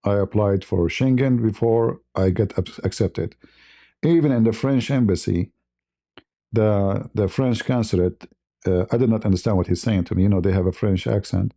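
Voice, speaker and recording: A man's voice: fairly low pitch, normal speed, vocal fry, dark tone. A man who is not a native English speaker, hosting a live stream and telling casual stories with frequent laughter. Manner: laughs often while telling anecdotes. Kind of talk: casual storytelling.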